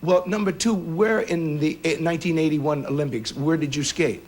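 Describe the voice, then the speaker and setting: A man's voice: a little high, moderate pace, a little mellow. Guy on a quiz panel, hesitant, trips over his questions. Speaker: game show panelist.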